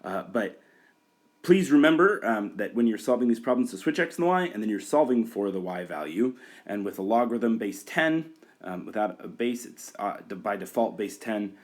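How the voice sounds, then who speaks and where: A man's voice: lowish voice, big pitch swings, moderate pace. A man walking through a whiteboard math tutorial, talking each step aloud with fillers and restarts. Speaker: math teacher.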